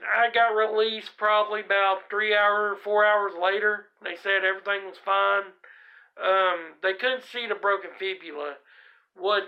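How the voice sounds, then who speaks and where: A man tells a story from his own life straight to camera, rambling and unhurried, full of ums and restarts. His voice has a gravelly, creaky edge. The recording sounds dull and lo-fi. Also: sits high. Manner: rambling, laid-back, many fillers and restarts. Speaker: vlogger.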